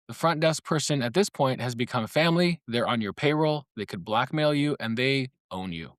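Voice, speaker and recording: A man's voice: mid-range voice, animated, normal speed, hardly any pauses, no room sound, clean studio sound. A man hosting a solo comic podcast, talking in a wry, playful, conspiratorial way and laughing between phrases. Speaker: podcast host.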